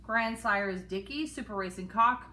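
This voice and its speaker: A woman co-hosting a live pigeon auction, briskly listing each bird's pedigree. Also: medium pitch, sharp tone. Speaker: auction co-host.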